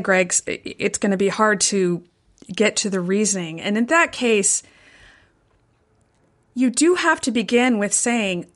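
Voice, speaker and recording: A woman hosting a talk show, explaining in a measured, reassuring way. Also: medium pitch, a bit bright. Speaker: podcast host.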